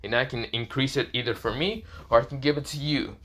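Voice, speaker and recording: A man voicing a small cackling purple fire creature that talks in a soft, low chant. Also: fairly quick, close to an everyday voice. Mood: eager.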